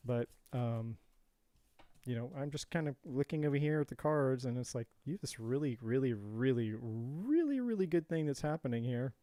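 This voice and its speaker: A man's voice: mid-range voice, animated, moderate pace, warm tone, dry recording. A man hosting a casual live tarot reading, rambling and joking, going off on tangents and talking to his viewers by name. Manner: addresses viewers directly by name.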